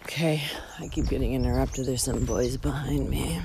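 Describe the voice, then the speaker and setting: A woman's voice: rumbling low, fairly even intonation, moderate pace, background noise. A woman talking through a personal monologue outdoors, candid and emotional, with frequent swearing and fillers. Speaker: podcast host hiking a long-distance trail.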